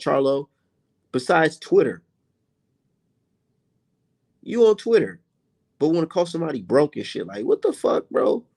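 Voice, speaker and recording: A man's voice: on the high side, creaky, a little mellow. A young man hosting a heated, profane rant about boxing and reading viewer comments aloud. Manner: profane, blunt, exasperated. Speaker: boxing commentator and channel host.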